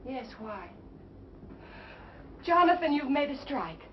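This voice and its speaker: Kind frontier mother, soft and gracious, somewhat high voice, distant off-mic, dull noisy old soundtrack. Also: big pitch swings, takes it slowly, exaggerated voice. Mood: welcoming. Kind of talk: 1950s film acting.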